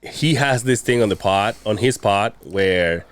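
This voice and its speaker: A man's voice: lowish voice, a little slow, no echo. A man co-hosting a podcast, talking in crude, rambling casual chat with many restarts. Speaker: podcast co-host.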